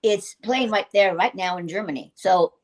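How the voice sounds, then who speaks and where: An older woman, a guest actress, telling animated anecdotes in a casual interview and laughing often. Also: medium pitch, moderate pace.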